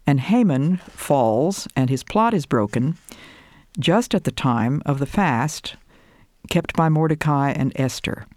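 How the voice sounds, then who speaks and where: An older woman giving a devotional talk, measured and deliberate, lingering over each item in a list. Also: deep voice, expressive, darkish tone, no echo, studio quality. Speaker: Christian speaker.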